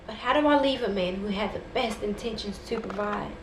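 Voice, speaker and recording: A woman's voice: mid-range voice, a little fast. A woman giving a dramatic, rhythmic spoken word poetry performance that swells to impassioned intensity. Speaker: poet. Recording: echoey room with faint background noise.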